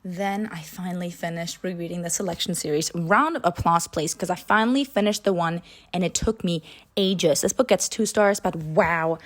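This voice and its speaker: Book vlogger, woman, casual and theatrical, with sudden high jumps for emphasis. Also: lively intonation, moderate pace. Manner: chatty and dramatic, with sudden jumps in pitch. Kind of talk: casual book review chat.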